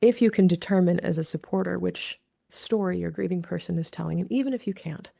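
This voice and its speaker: A woman's voice: fairly low pitch, fairly quick, vocal fry, dark tone. A woman who works with grieving people, talking earnestly in an interview and explaining her ideas through quoted examples. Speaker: grief expert and author, guest. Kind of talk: conversational interview.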